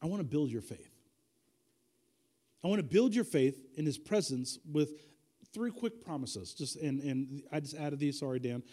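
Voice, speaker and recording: A man's voice: fairly high pitch, moderate pace, mellow. A man preaching a sermon as pastor, dynamic and conversational, repeating key lines for emphasis with folksy asides.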